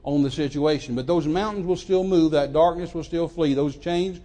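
An older man, preaching a sermon as a lively story, often repeating words, on a handheld mic in a church. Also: on the high side, moderate pace. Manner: animated, repeats words, acts out quoted voices. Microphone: handheld microphone.

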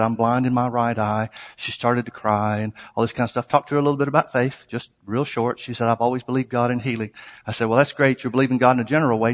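A man preaching a sermon, telling a story in a conversational way and then rising to emphatic exhortation. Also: medium pitch. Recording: long hall reverb.

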